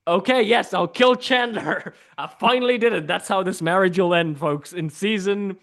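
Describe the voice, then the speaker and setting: A man's voice: sits high, moderate pace. A man performing a one-minute improvised comedy scene, jumping between silly characters. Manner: animated, jumps between silly put-on characters.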